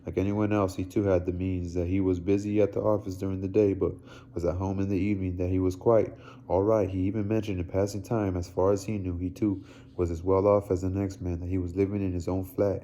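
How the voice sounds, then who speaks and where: A man reading a novel aloud, steady with occasional slips and restarts. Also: low voice, brisk. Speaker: reader. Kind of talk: read-aloud book narration.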